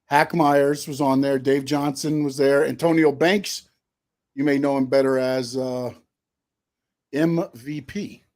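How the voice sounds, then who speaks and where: A middle-aged man co-hosting a live show, casually reminiscing and running through names in a quick list. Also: mid-range voice, fairly even intonation, a little mellow. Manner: reminiscing, lists names rapidly. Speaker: co-host, wrestling promoter.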